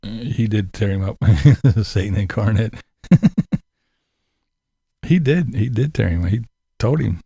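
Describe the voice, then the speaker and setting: This livestream host has a fairly low, creaky, mellow and husky voice, and he speaks unhurriedly with long pauses. The studio-quality recording has no room sound. He chats casually with his online viewers, laughing through most lines and swearing while mocking.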